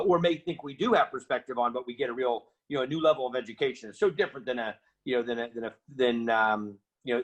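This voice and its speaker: A middle-aged man, an interview guest, telling an animated story and acting out the voices of people in it. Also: a little high. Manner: energetic, acts out quoted voices.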